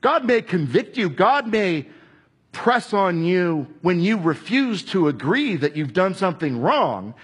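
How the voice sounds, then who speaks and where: A man's voice: sits high, sing-song, unhurried, slightly rough. A man preaching a sermon in a conversational way, acting out quoted voices and at times dropping to a whisper. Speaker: pastor.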